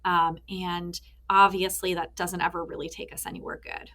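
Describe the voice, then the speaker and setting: This woman, in her thirties, has a lowish voice and keeps a moderate pace. She's a therapist and author being interviewed on a podcast, and she tells anecdotes animatedly, slipping into small character voices as she goes.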